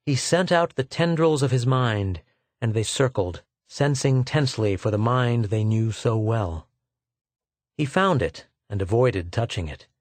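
A man reading an audiobook as its narrator, in a measured, steady way. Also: fairly low pitch, no room sound. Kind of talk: scripted narration.

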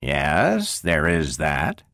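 A man reading the part of a brisk male scientist who questions a robot in a probing, sometimes sharp way. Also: rumbling low, wildly swooping pitch, dry recording, clean studio sound, pitched below the performer's own voice, full character voice.

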